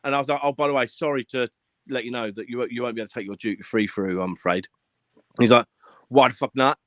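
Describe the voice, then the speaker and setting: A man telling stories in a casual live-stream chat, animated and full of swearing, acting out what people said. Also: medium pitch, quick pace, no echo. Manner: animated storyteller, swears a lot, acts out quotes.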